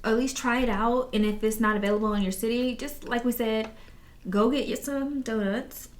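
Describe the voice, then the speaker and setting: A woman chatting casually on a mukbang vlog, talking straight to her viewers in a relaxed way. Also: on the high side, brisk. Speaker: vlogger. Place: home, indoors.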